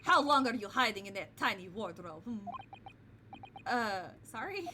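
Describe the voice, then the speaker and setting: A woman putting on the voice of a gruff, menacing ship's officer while reading a game aloud. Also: fairly high pitch, sing-song, unhurried, background noise. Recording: music underneath.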